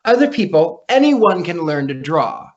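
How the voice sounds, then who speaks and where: A man being interviewed as a psychic guest, telling stories in an animated way and often repeating his first words. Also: on the high side, moderate pace. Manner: animated, repeats words when starting sentences. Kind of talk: casual storytelling interview. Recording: dull lo-fi podcast audio.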